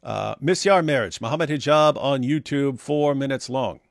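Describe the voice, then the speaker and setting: A man with a gravelly, fry-laced voice of middling pitch, talking in a casual livestream. He reads viewer messages and answers them with sarcastic, mocking jokes. The sound is dry and close, with no room echo. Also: moderate pace. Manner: sarcastic, mocking, joking asides. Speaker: livestream co-host reading super chats.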